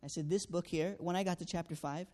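A man tells a personal testimony in an earnest, storytelling manner. His voice sits a little high for a man. He acts out each exchange and leans on fillers as he goes. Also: steady tone, quick pace, dark tone. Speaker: student canvasser sharing a testimony.

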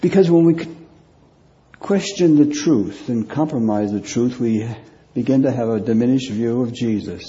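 A man preaching a sermon as pastor, speaking deliberately and repeating key phrases for weight. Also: medium pitch, dark tone, lo-fi sound.

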